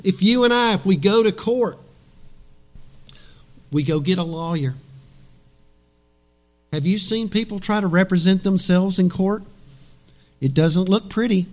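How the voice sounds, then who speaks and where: A man preaching a sermon as pastor, animated and dramatic, dropping suddenly soft for emphasis. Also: high voice, measured pace, pauses often.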